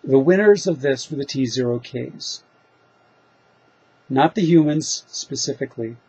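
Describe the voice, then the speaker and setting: A man's voice: medium pitch, unhurried, a little mellow, slightly rough. A man who writes fiction, answering reader questions in a casual, rambling monologue, thinking aloud and poking fun at himself. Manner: rambling, self-deprecating, thinks aloud with fillers. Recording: dull lo-fi recording.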